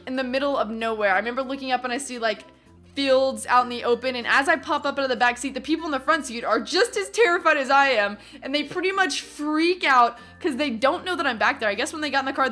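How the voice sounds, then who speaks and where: A young adult woman telling a story from her teens in a casual vlog, animated and acting out what other people said. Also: high voice. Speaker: vlogger.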